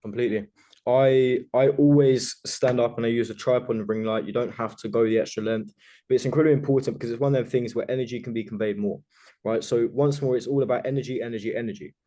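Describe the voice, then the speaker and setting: A confident male coach leads a group video call, pressing hard on his points with complete conviction and the odd casual swear. His voice sits at an ordinary pitch with a mellow, warm tone. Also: steady tone, fast. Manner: emphatic, self-assured, swears casually.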